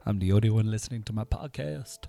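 A man's voice: lowish voice, quick pace, gravelly, warm tone. A middle-aged Irish man hosting a comedy podcast, rambling and self-mocking with lots of fillers. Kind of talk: casual comedy podcast chat.

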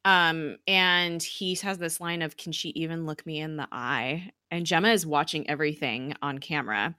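Lively woman recapping a show. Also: deep voice, normal speed, clear, resonant tone, no room sound, studio quality. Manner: animated, acts out quoted lines, laughs often. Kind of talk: casual chat recapping a TV show.

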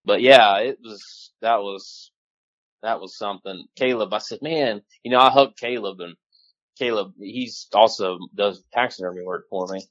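A man guest telling a lively hunting story, casual and profane, with lots of fillers. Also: on the low side, normal speed, muffled recording. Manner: animated, swears casually, many fillers. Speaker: guest hunter.

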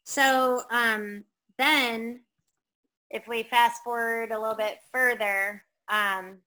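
A middle-aged woman with a bright, lively tone tells a ghost story in casual conversation. She rambles with fillers and slips into the voices of the people she quotes. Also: a little high, takes it slowly, poor audio. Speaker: guest telling a ghost story.

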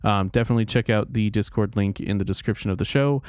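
A man's voice: fairly low pitch, fast talker, darkish tone, clear, resonant tone, no room sound, studio quality. A man co-hosting a casual podcast, easygoing and laid-back, wrapping up the show and pointing listeners to places to buy. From Texas. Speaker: podcast co-host. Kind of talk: casual chat.

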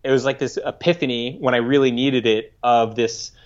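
A man in his thirties from the United States, a podcast guest recalling a story in a halting, reflective way, often restarting his sentences. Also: medium pitch, fairly even intonation. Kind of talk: casual interview storytelling. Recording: slightly dull lo-fi audio.

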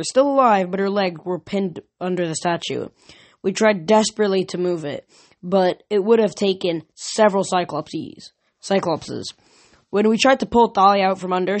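A reader narrating a novel chapter aloud in steady first-person storytelling. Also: medium pitch, moderate pace. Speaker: audiobook reader. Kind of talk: fan audiobook narration.

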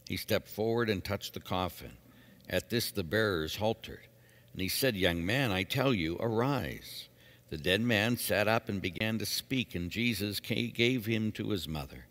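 A man, a priest, giving measured liturgical readings and an earnest homily in a church. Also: on the low side, a bit bright, in a large hall. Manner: measured, solemn reading, then earnest preaching.

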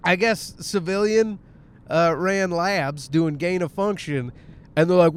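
A man hosting a podcast, ranting casually and sarcastically, swearing often and acting out quick voices as he rambles. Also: high voice, smooth. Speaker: podcast host. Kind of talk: casual comedic rant.

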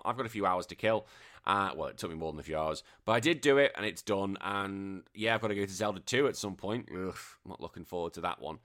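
A man's voice: mid-range voice, a bit bright. An Englishman in his thirties hosting a podcast, chatting casually, swearing freely and telling stories with animation. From England. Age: 30s. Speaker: podcast host.

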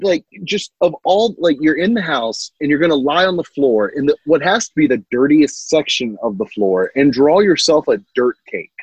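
A man's voice: fairly high pitch, animated, normal speed, hardly any pauses, breathy edge, no echo, low-quality recording. A man co-hosting a podcast, ranting in disbelief with casual swearing. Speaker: podcast co-host. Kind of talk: casual chat about a film.

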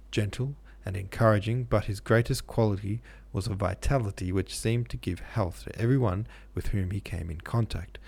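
A man narrating a classic novel in a steady, measured reading. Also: low voice, gravelly. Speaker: podcast host and audiobook narrator.

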